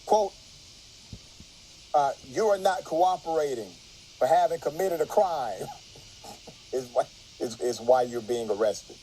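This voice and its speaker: A man's voice: medium pitch, expressive, slow pace, pauses often, mellow, slight background noise, rough recording. A man reading a news article aloud with legal commentary, marking every quotation by saying quote and end quote.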